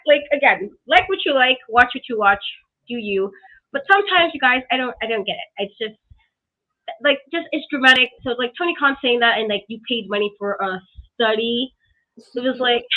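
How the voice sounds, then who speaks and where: A woman talks wrestling in an animated, sarcastic rant. Her voice sits high, and it comes through thin and tinny, like a video call. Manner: animated, ranting, sarcastic asides. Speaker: wrestling reviewer. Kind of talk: casual review chat. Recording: tinny phone-like call audio.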